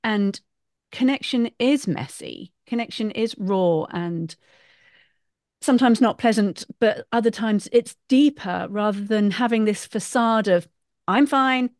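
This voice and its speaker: Middle-aged woman, podcast host, lively storyteller, dry close sound. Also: medium pitch, a little slow, dry recording. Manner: animated, acts out voices in quotes. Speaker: podcast host, parenting coach. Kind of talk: casual conversational interview.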